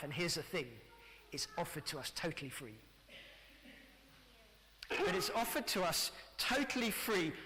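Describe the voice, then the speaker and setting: A middle-aged English pastor gives a lively family sermon and turns often to the children. His voice sits high and sounds bright and clear. The church's long reverb trails after his words. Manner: lively, addressing children directly.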